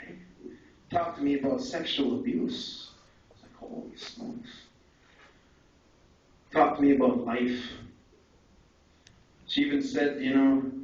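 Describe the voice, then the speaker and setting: Candid man speaking from far off in an echoey hall. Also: medium pitch. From Canada. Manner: candid storytelling with frequent "eh" and "right". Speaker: conference speaker. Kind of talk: personal testimony talk. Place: large echoey conference hall. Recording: echoey, distant, dull lo-fi hall recording.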